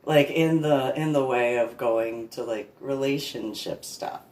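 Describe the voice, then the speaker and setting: A woman's voice: extremely low pitch, unhurried, darkish tone. A woman in her forties, a reverend, rambling through a personal story with sarcastic asides and repeated words. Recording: echoey room.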